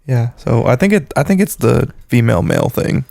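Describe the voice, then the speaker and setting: A man co-hosting a casual podcast, making quick teasing remarks. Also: mid-range voice, very animated, gravelly, darkish tone, dry recording, studio quality. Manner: teasing, quick one-liners. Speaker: podcast co-host. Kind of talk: casual chat.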